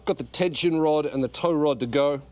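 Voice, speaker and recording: With a fairly high, slightly mellow voice at normal speed, a man self-films a casual garage vlog while working under a car. Captured by an external mic on an action camera, he grumbles, swears at the work, and tosses in self-mocking asides.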